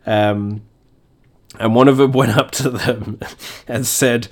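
A man's voice: medium pitch, fairly even intonation, takes it slowly, long pauses. A young man hosting a casual comedy video, laughing through his sentences and swearing freely. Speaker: video host.

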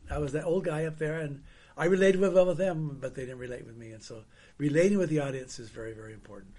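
A man hosting a casual conversation, telling stories in a husky voice that trails off quietly at the ends of sentences. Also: a little high, fast talker. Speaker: host.

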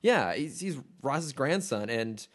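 Male podcast co-host, mid-pitched, chatty and enthusiastic, rambles with restarts. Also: very animated, slow pace. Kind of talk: casual chat.

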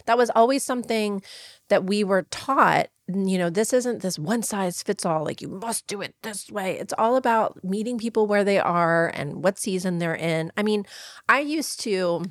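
A woman guest, a professional organizer, talking candidly and relaxed in a casual podcast chat. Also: mid-range voice, normal speed, no room sound, studio quality. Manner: relaxed, candid, laughs easily.

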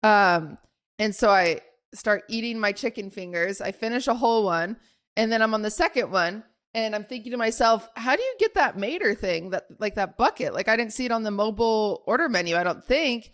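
A young woman co-hosting a podcast, telling a story in a rambling, animated way full of "like". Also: medium pitch, fairly quick. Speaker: podcast co-host. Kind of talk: casual chat storytelling.

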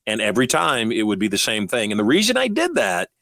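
A middle-aged man hosting a podcast, telling personal stories in an earnest, motivational way with slow, emphatic lines. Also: mid-range voice, wildly swooping pitch, a bit bright, no room sound, studio quality. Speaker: podcast host. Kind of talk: motivational talk.

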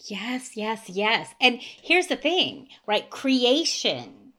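A woman guest on a podcast, a coach who speaks emphatically and slows down to stress her points. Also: fairly high pitch, sing-song, sharp tone. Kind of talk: casual conversation.

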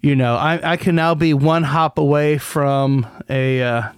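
Sardonic rambling man, smooth dry voice. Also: on the high side, steady tone, measured pace, no room sound. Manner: rambling, many restarts, sardonic. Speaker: podcast host. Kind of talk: casual solo commentary.

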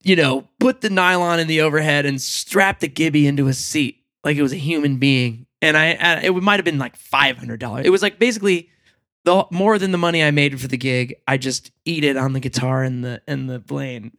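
A man's voice: on the high side, a little fast. A man, a touring musician, telling a story in casual chat, acting out both sides and laughing often. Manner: animated, acts out both sides of his story.

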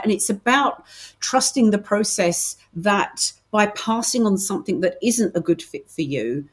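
A woman's voice: medium pitch, lively intonation, measured pace, breathy edge. A middle-aged woman with a British accent, chatting as a podcast guest, telling stories with many restarts. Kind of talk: casual interview chat.

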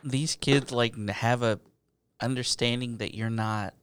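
A man's voice: medium pitch, fairly even intonation, a little slow, a bit bright, smooth, dry recording. A man chatting casually in a laid-back way, sometimes dropping to a whisper for asides. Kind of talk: casual chat.

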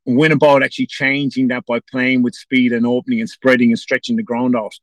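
A man's voice: medium pitch, flat delivery, a little fast, dry recording, rough recording. An Irish man, a former footballer, chatting as a guest and rambling with many restarts. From Ireland. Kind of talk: casual interview chat.

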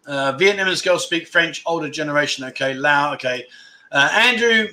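A man's voice: a little high, normal speed, sharp tone. A man in his fifties hosting a casual livestream, chatting and reading out viewer comments between rambling anecdotes. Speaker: livestream host.

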